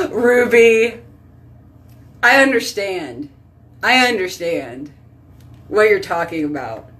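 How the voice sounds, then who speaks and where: A woman's voice: fairly low pitch, big pitch swings, measured pace, long pauses, sharp tone, recorded from a distance. A woman hosting a casual live stream, chatting with viewers by name and rambling from topic to topic. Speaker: host reading live chat.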